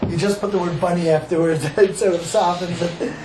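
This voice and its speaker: A male rabbi from Cleveland, Ohio, giving an animated Torah class and acting out dialogue for a live group. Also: sits high, brisk. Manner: animated, acts out dialogue, asks the audience questions. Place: echoey room with a small audience. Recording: echoey room with faint noise.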